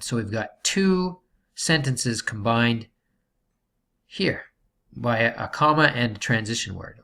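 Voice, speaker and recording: A man's voice: medium pitch, lively intonation, slow pace, vocal fry, long pauses, bright, forceful tone. A man teaching a writing lesson, explaining sentence types patiently and checking in with "okay". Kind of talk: classroom grammar lesson.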